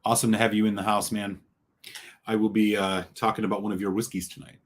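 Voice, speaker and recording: A man's voice: on the low side, level tone, fast talker. A middle-aged man from the Chicago area hosting a live stream, reading out viewers' chat messages and greeting each of them by name in an upbeat way. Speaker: host.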